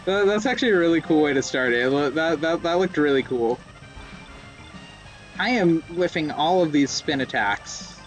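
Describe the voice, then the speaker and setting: Young male streamer, excitable and self-deprecating, slightly high voice, faint music under. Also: normal speed. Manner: excitable, self-mocking, rambling reactions. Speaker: let's play streamer. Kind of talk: casual gameplay commentary.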